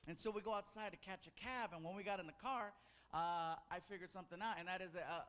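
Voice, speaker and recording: A man doing a stand-up comedy set, telling an animated story and mimicking people yelling. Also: sits high, fast. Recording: live club show with audience laughter. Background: audience laughter.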